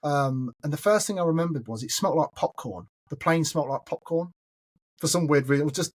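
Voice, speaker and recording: A man's voice: a little high, quick pace, slightly rough. An Englishman hosting a podcast, chattily telling stories and calling his listener mate. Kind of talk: casual storytelling chat.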